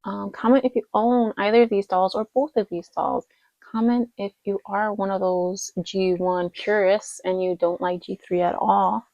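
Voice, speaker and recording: A woman's voice: mid-range voice, steady tone, normal speed, warm tone, no echo, muffled recording. A woman casually reviewing dolls in a rambling, chatty vlog, tired late at night. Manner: chatty and rambling, lots of fillers and self-corrections. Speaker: doll collector vlogger.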